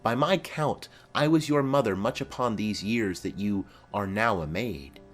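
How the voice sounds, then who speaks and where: A man's voice: fairly low pitch, a little slow, faint music behind, close to an everyday voice. A man voicing a formal, commanding noblewoman mother in a dramatic reading of a play.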